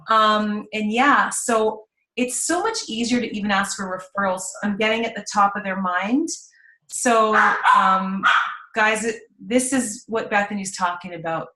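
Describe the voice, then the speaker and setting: A chatty, upbeat woman hosts a casual live video chat. Her voice sits at an ordinary middle pitch. The room around her sounds echoey. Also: measured pace, pushed and bright. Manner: chatty, upbeat, lots of "like" and "you know". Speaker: host.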